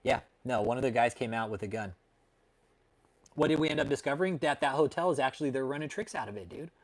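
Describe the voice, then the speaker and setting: Man, livestream host, casual and foul-mouthed, mid pitch, chuckles a lot. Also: animated, fast talker. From Texas. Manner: profane and laid-back, calls people dude and man; laughs often at his own jokes. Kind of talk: casual livestream chat with viewers.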